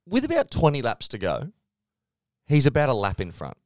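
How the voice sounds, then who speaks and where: A man co-hosting a casual sports podcast, telling stories with lively mimicry of team radio. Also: medium pitch, normal speed, no echo, clean studio sound. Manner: animated storytelling, mimics radio chatter. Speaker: podcast co-host.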